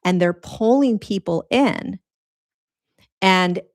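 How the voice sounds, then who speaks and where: A woman's voice: mid-range voice, takes it slowly, no room sound, clean studio sound. A middle-aged woman giving an earnest, rambling spiritual talk to her followers, casual and conversational with many restarts and fillers. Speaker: spiritual teacher.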